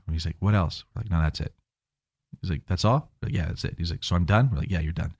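A man's voice: low voice, fast, breathy edge. A man, a guest minister, telling a story in casual chat and acting out the voices of the people in it. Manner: animated, acts out quoted voices.

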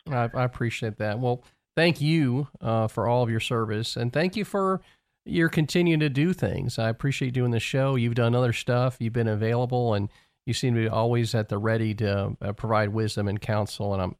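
A man's voice: medium pitch, fairly even intonation, a little fast, dry recording, clean studio sound. A man in his forties hosting an interview, asking questions and affirming his guest with murmured acknowledgments. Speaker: podcast host.

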